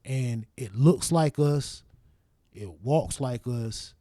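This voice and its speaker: A man hosting his own show, telling a story in a casual, profane, animated way and acting out his younger self's reactions. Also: medium pitch, slow, no echo, studio quality. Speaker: show host.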